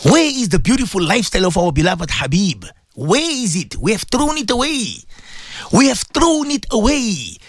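A man's voice: sits high, big pitch swings, normal speed. A man preaching an impassioned radio sermon, hammering home points with repeated rhetorical questions. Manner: fervent, repetitive rhetorical questions.

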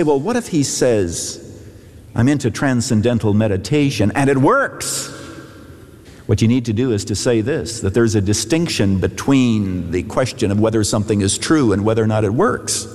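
A man, a pastor, preaching a sermon with emphatic, rising repeated phrases. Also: mid-range voice. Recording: echoey hall reverb. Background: long hall reverb.

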